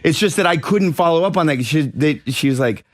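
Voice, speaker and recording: Guy on a radio show laughing at himself while he tells stories, kinda high voice, dry sound. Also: expressive, brisk, no echo. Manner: laughing, self-deprecating storyteller. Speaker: guest actor. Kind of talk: casual radio interview.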